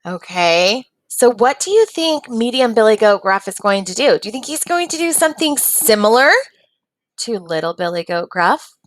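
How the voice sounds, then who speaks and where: A woman teaching a reading lesson, pausing to ask the class encouraging questions. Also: fairly high pitch, sing-song, dry recording.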